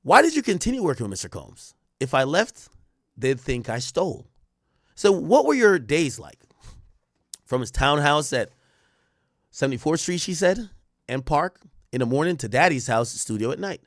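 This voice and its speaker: A man talks through court testimony on his live stream, reading lines aloud and breaking off to react in slang. His pitch leaps up and drops low as he goes. The sound is dry and close, with no room around it. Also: normal speed, pauses often, no echo. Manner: animated, reads testimony aloud and riffs on it with slang. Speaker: stream host recapping a trial. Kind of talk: casual live-stream commentary.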